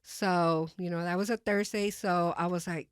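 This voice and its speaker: A woman with a somewhat low voice tells her personal testimony as a guest in conversation. She talks haltingly, full of fillers and restarts, and drops her voice softly when she re-enacts what she thought. The sound is close and dry, with no room around it. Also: fairly even intonation, clean tone, dry recording.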